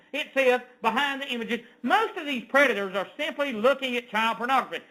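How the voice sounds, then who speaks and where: A man ranting as an online news commentator, reading an article aloud with indignant, sarcastic outbursts that swing from loud to low. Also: a little fast, few pauses, rough recording.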